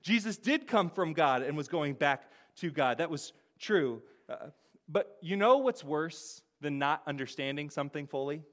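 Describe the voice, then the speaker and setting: A man preaching a sermon in a conversational way, often asking "right?", laughing softly and repeating words as he restarts. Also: a little high, expressive, moderate pace. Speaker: pastor.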